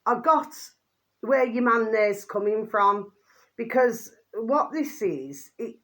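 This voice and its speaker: Woman, chatty rambling commentator who keeps checking in with her viewers. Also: animated. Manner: rambling, full of fillers and repeated tag questions; drops pet phrase "my delicious babies" in a quick low aside. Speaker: vlogger commenting on videos.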